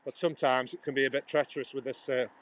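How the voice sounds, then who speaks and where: A man walks outdoors past a busy road, livestreaming from a handheld phone. His voice sits at a middling pitch. He rambles in a chatty, easygoing way and speaks straight to one viewer. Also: steady tone, quick pace, slight background noise, poor audio. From England. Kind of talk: live walking vlog.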